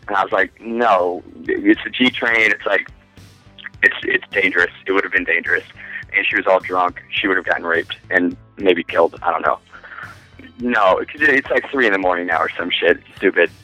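A man's voice: low-pitched, sharp tone, no echo, low-quality recording. A man in his twenties, a podcast guest, telling a long rambling story in casual, profane chat with frequent laughs.

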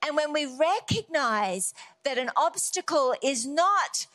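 A woman preaching a devotional Bible message with a high voice and an unhurried delivery. She speaks earnestly and leans on repeated words for emphasis. The recording is dry and close. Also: lively intonation, fairly bright tone, no room sound.

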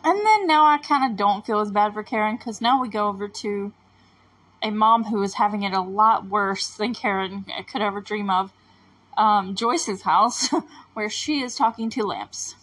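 A woman's voice: medium pitch, normal speed, fairly bright tone, low-quality recording. A woman hosting a TV recap podcast, talking casually and rambling with lots of filler words. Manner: chatty and rambling, full of fillers.

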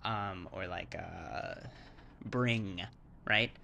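Give me a chatty man with a bright, forceful voice who rambles with many fillers. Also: low-pitched, very slow, creaky, a little hiss or hum. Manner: acts out word sounds to demonstrate. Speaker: English-speaking foreigner explaining Thai sounds. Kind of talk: casual chat.

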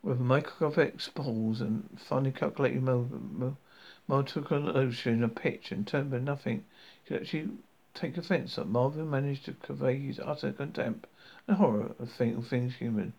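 A man's voice: medium pitch, moderate pace, creaky, darkish tone. A man reading a novel aloud, stumbling and restarting words as he goes. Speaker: reader. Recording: dull lo-fi recording.

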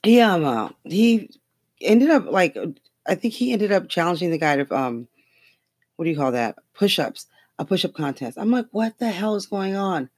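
A podcast host rambles through political gossip in a loose, profane way and breaks into laughter often. The voice sits at a middling pitch and is recorded close and dry, with no room sound. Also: lively intonation, normal speed, breathy edge, no echo. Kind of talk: casual political chat.

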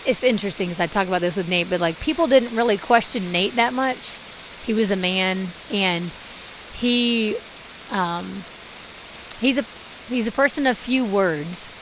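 A woman in her forties telling her life story in a casual podcast monologue, talking in lively bursts and acting out the dialogue she quotes, with many fillers. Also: mid-range voice, low-quality recording. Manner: animated, acts out quoted dialogue, frequent fillers. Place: indoors during heavy rain. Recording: faint hiss and rain noise.

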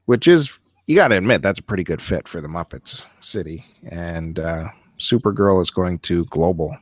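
Chatty podcast host, low voice. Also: male voice, dry recording, clean studio sound. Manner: chatty, teasing, laughs often. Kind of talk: casual chat.

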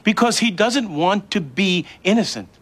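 A man's voice: sits high, lively intonation, moderate pace. An actor playing a passionate, persuasive male defense attorney arguing before a judge in a TV legal drama. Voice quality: forceful, persuasive.

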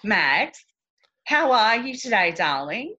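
A woman's voice: medium pitch, big pitch swings, takes it slowly, sharp tone, slightly rough, highs cut off. A woman interviewing a guest in a playful, bubbly, casual manner. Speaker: podcast interviewer.

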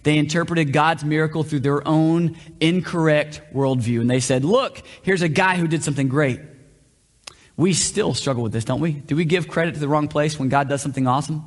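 A male pastor with a higher-leaning voice gives a conversational sermon in a church hall, speaking a little quickly in a steady tone with few pauses. He often puts questions to the room and shifts his pace, and the recording carries a hall's long reverb.

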